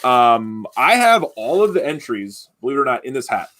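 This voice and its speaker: A man's voice: mid-range voice, big pitch swings, moderate pace, fairly bright tone. A man hosting a live stream giveaway, chatting loosely with many fillers and restarts. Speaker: podcast host running a giveaway. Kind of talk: casual live-stream chat.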